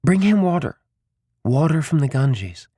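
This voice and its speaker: A man's voice: fairly high pitch, big pitch swings, a little slow, mellow, breathy edge, no echo, clean studio sound, voice pushed up, exaggerated voice. A man reading an audiobook, voicing a playful, cheeky young woman in a lighter, raised voice. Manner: breezy and teasing.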